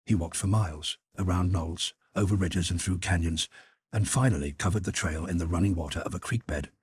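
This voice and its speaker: A man narrating a classic novel as an audiobook, reading in a measured, even way. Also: low voice, slightly rough, no room sound.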